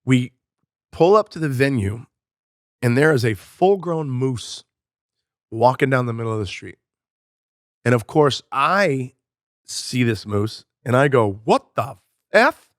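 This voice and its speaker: A man's voice: mid-range voice, measured pace, pauses often, dry recording, studio quality. A man, a comedian co-hosting a podcast, telling a loose, profane story in casual chat.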